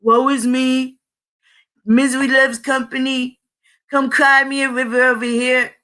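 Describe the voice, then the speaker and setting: A woman's voice: high voice, flat delivery, unhurried, sharp tone. A woman mocking a whiny, self-pitying complainer in a melodramatic tone.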